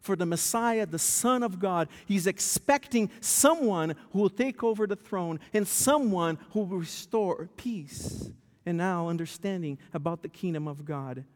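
A male pastor preaching a sermon, telling a story with lively, stammering restarts. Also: high voice, unhurried. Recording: long church hall reverb.

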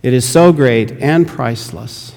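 A man's voice: medium pitch, unhurried, gravelly, a little mellow. A man playing an earnest missionary, speaking urgently and persuasively, heard with a long hall reverb. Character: earnest, eager male missionary.

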